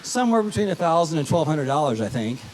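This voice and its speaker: A man's voice: a little high, sing-song, fast, darkish tone, a little hiss or hum, rough recording. A man voicing a sly dying old wife in a told joke, speaking weakly and matter-of-factly. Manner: weak, matter-of-fact.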